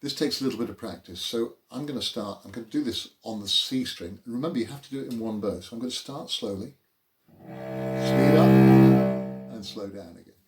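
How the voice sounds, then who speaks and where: A man's voice: on the low side, fast talker, few pauses, fairly bright tone, soft background music. A man teaching a beginner cello lesson in an informal, explanatory way with dry, self-mocking humour. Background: cello playing between phrases.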